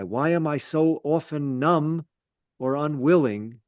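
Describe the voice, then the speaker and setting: A man's voice: a little high, slow pace, no room sound. A man, a rabbi leading a Torah study, teaching conversationally with repeated words and self-deprecating asides. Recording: dull lo-fi sound.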